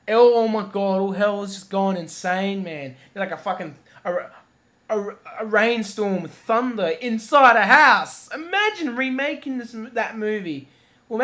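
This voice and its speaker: A young man giving a casual, rambling movie review on his vlog, excitable and swearing freely. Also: on the high side.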